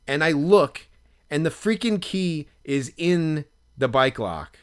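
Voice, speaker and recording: A man co-hosting a podcast, telling a long story in casual chat and acting out the quotes with rising excitement. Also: a little high, unhurried, clean tone. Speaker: podcast co-host.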